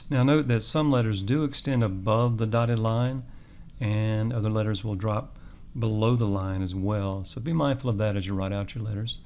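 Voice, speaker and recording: A man teaching a lesson slowly and deliberately, spelling out each sound with care. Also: lowish voice, darkish tone. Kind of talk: slow, careful instructional lesson.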